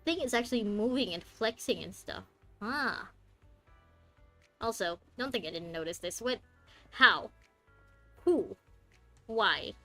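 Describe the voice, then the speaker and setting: A woman's voice: mid-range voice, animated, moderate pace, long pauses, a bit bright, dry recording. A young woman streaming a game, chatting in a joking, rambling way that often breaks off mid-sentence. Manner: chatty, joking, self-interrupting. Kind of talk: casual gaming commentary. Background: faint game music.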